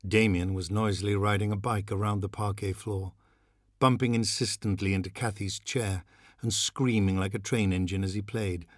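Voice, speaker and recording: A man reading a novel aloud in a measured, dramatic manner. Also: fairly low pitch, fairly even intonation, dry recording, studio quality. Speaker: narrator. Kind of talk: audiobook reading.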